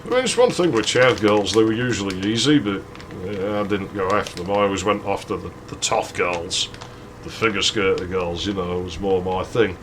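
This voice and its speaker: A man's voice: low-pitched, normal speed, fairly bright tone, slight background noise. A man hosting a gaming channel, telling a crude, rambling story with frequent laughs. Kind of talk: casual storytelling over gameplay.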